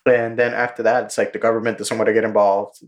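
A man co-hosting a podcast, casually retelling a movie plot with lots of swearing and quick character voices. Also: on the low side. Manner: profane, animated storytelling with quick character impressions. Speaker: podcast co-host.

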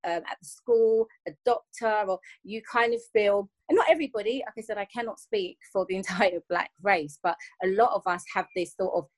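A woman's voice: mid-range voice, a little fast, hardly any pauses. A woman in her thirties, a podcast guest talking earnestly and circling back to repeat herself as she searches for words. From England. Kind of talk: reflective conversational interview.

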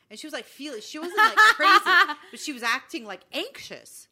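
A woman's voice: high voice, sing-song, fairly quick, hardly any pauses, sharp tone. A woman co-hosting a podcast, chatting casually and acting out quoted dialogue as she tells a story. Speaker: podcast co-host. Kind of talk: casual chat.

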